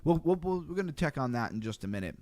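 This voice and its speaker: Fast-talking man streaming crypto charts. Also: fairly high pitch, big pitch swings, a little mellow, no echo. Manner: fast-talking, easily sidetracked, chatty. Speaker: crypto livestream host. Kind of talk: casual livestream chart analysis.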